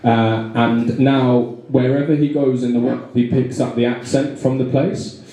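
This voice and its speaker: A young English man doing live stand-up comedy in a pub venue, with a halting, rambling delivery full of fillers and restarts. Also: mid-range voice, fairly even intonation, dark tone. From England. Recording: very echoey live room.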